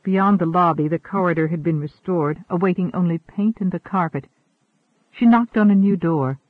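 A man reading a novel aloud in a measured, even narration. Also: high-pitched, no echo. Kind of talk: audiobook narration. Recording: narrow phone-like sound.

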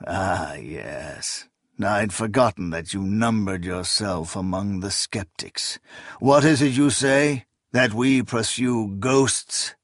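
A man's voice: fairly low pitch, slow, no room sound, clean studio sound. A man voicing a cold, bitter old male sorcerer who snaps and sneers scornfully. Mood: mocking. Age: older.

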